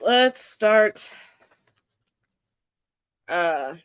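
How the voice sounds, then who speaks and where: A woman hosting a solo political commentary show, congested and stuffy-nosed, reading out figures in a measured, deliberate way. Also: medium pitch, lively intonation, fairly bright tone, clear, resonant tone, no room sound.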